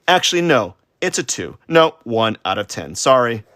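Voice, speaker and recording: A man's voice: mid-range voice, sing-song, normal speed, hardly any pauses, a bit bright, no room sound, studio quality. A man streaming a drawing session live, rambling and joking about his own work as he sketches. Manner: rambling, self-deprecating, with silly sound effects. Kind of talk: casual live-stream commentary while drawing.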